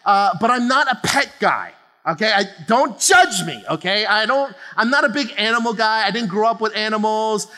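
A pastor from New Jersey, a man in his forties, preaching a lively sermon to a congregation in a casual, joking way and tagging "okay?" onto nearly every phrase. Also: sits high. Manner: chatty, keeps adding "okay?", quick laughs. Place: large church auditorium. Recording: long hall reverb of a church auditorium.

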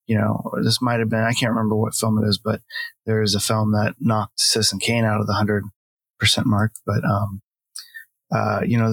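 A man's voice: fairly low pitch, a bit bright, husky, no echo. Rambling middle-aged man reviewing films. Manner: rambling, filler-heavy, laughs often. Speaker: podcast co-host. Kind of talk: casual film review chat.

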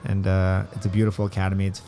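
A man's voice: low-pitched, monotone, very fast, mellow, a little hiss or hum. A man hosting a podcast at a tournament, joking, swearing and laughing often. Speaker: podcast host. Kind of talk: casual interview chat. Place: tournament venue table.

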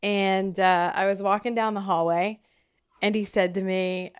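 A woman's voice: medium pitch, steady tone, measured pace, clear, resonant tone. Woman vlogger, casual heartfelt reflection to camera at home, rambly and sincere. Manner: warm, chatty, rambling with fillers. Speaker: vlogger sharing personal reflections. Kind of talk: casual heartfelt talk to viewers. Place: home, kitchen or dining table.

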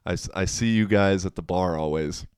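A man's voice: sits low, brisk, clean tone, no room sound, studio quality. A young man hosting a solo podcast, chatting casually in a slangy, rambling, self-mocking way. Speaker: podcast host.

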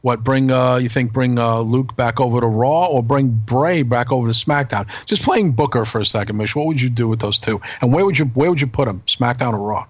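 A man's voice: medium pitch, fairly quick, hardly any pauses, no echo. A man co-hosting a casual wrestling podcast, rambling and asking his partner many questions. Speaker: co-host.

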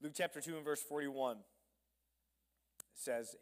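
A man's voice: on the high side, normal speed. A male pastor preaching a sermon, reading scripture and adding humorous, conversational asides.

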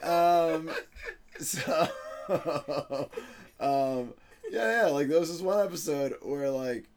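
A man from Venezuela hosts a podcast in a slow, rather high voice. He chats casually, rambling and giggling with plenty of fillers.

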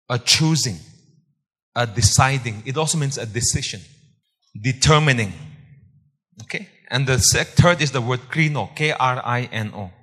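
A man preaching a sermon, emphatic, repeating phrases and swinging loud for stress. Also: mid-range voice, in a large hall.

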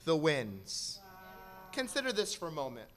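A man preaching a sermon to a congregation, moving from quiet explanation to shouted exhortation. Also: on the high side, huge pitch swings, unhurried.

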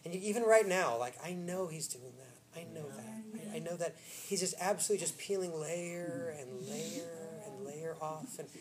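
A woman pastor preaching in a church, chatty and laughing, swinging from loud storytelling to hushed intimate moments. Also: on the low side, normal speed, hardly any pauses, crowd noise. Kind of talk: sermon. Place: church sanctuary.

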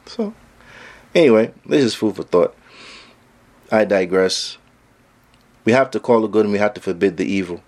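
A man's voice: on the low side, lively intonation, moderate pace, pauses often, a little mellow. Emphatic male Islamic lecturer. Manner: emphatic, full of rhetorical questions; casual street phrasing. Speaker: Islamic teacher. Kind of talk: religious lecture.

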